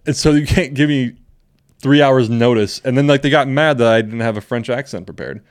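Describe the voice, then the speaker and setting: A man's voice: medium pitch, a little fast. A young man co-hosting a podcast, telling long rambling stories in casual chat and laughing often. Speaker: podcast co-host.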